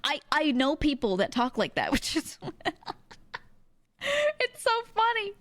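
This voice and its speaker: A woman's voice: sits high, wildly swooping pitch, unhurried, no echo. A young woman, chatting casually with her stream audience and laughing often. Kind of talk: casual stream chat, reading chat messages.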